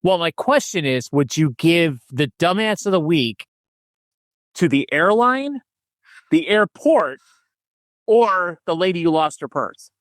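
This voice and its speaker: A man's voice: on the high side, expressive, slow, pauses often, fairly bright tone, dry recording, studio quality. A man co-hosting a podcast in casual chat, mostly reacting briefly and asking joking questions. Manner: short reactions and laughs, then a joking question. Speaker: podcast co-host.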